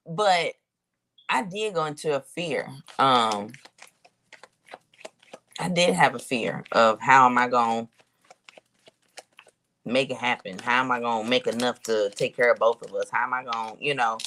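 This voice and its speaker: A woman giving a casual spiritual reading to her viewers, thinking aloud with drawn-out hums and pauses and talking to them in a colloquial, direct way. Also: rumbling low, fairly bright tone, slight background noise. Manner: colloquial, addresses viewers as y'all. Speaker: intuitive reader.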